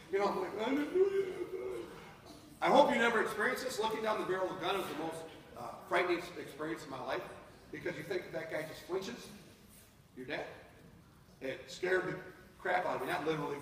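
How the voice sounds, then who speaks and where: A man in his fifties from North Dakota, telling a personal story live to an audience in an animated way, speaking to them directly. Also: sits high, slight background noise. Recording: echoey hall from far off.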